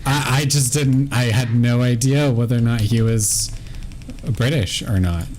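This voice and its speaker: A man's voice: mid-range voice, unhurried, darkish tone, a little hiss or hum. A man from the United States chatting casually while gaming, hesitant and laid-back, with frequent ums and restarts.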